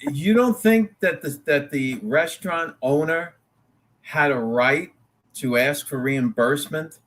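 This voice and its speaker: A man with a fairly high voice argues his side on a casual talk show. He gets emphatic and insistent, stumbling over repeated words as he presses his point. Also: unhurried, a bit bright. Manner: emphatic, argumentative, stumbles and repeats when worked up. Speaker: co-host. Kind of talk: casual opinionated banter.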